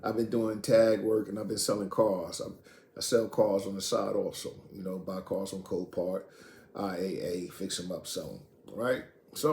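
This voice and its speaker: A middle-aged man from Queens, casually telling a story in street slang and profanity, animated and blunt. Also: fairly low pitch, fairly quick, gravelly. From Queens, New York. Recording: echoey room, faint noise.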